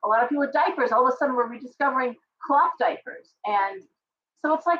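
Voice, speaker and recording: A middle-aged woman hosting a casual livestream tarot reading, chatty and ranting with animated asides. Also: high-pitched, fairly quick, recorded from a distance, dull audio, a little hiss or hum. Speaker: tarot reader and live stream host.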